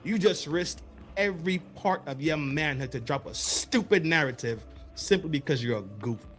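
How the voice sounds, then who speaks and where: A man hosting a podcast, delivering a mocking commentary rant with rapid-fire repeated words. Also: on the high side, lively intonation, a bit bright, faint music behind. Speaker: podcast host.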